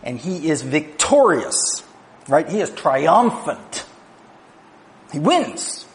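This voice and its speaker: A man preaching a sermon, moving between quiet, low asides and raised, emphatic declarations, with conversational "right?" asides. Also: sing-song, slow pace, a little hiss or hum.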